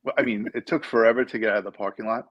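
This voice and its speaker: A man's voice: on the low side, steady tone, very fast, no room sound, highs cut off. A middle-aged man calling in as a guest, joking and laughing as he tells a story. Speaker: guest caller. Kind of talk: casual chat on a video call.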